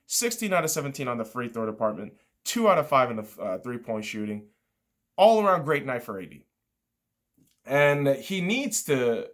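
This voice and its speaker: A man hosting a casual basketball game review, swearing freely and rattling off player stats in an excitable way. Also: a little high.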